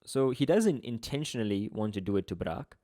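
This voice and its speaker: A young man, tutoring through an exam paper in a relaxed, slangy, chatty way. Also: medium pitch, a little fast. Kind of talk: casual exam walkthrough.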